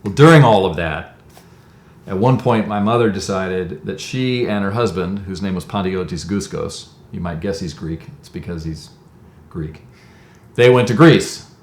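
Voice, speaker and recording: A man's voice: deep voice, normal speed, echoey room. A man in his fifties telling his life story in an interview, reflective and conversational with frequent "um"s. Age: 50s. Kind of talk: personal storytelling.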